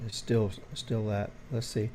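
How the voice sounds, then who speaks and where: A man's voice: lowish voice, little pitch movement, measured pace, warm tone, slight background noise. A man hosting a livestream, chatting loosely, answering viewer comments and explaining wireless technology in a rambling way. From United States. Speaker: tech livestream host. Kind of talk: casual livestream chat.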